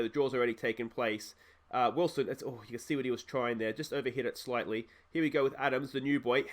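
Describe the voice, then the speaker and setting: Australian man commentating his football game. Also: medium pitch. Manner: rambling, excitable on goals. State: hoarse from a cold. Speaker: let's play host.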